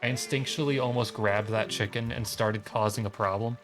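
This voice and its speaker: A man's voice: fairly low pitch, steady tone, brisk, hardly any pauses, soft background music. A man streaming a video game, joking in casual commentary and reading the dialogue aloud in silly voices.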